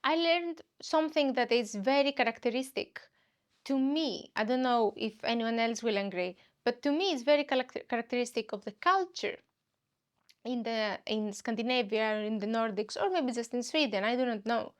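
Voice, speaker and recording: A woman from Greece, hosting a podcast and telling a comic story in an animated way, acting out what other people said. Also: fairly high pitch, normal speed. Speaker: podcast host and comedian. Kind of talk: comedic storytelling monologue.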